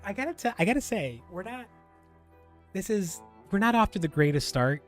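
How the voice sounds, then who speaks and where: A man streaming a video game live, chatting casually and getting excitable, swearing and laughing at his own mistakes. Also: high voice, moderate pace, soft background music. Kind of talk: live gameplay commentary.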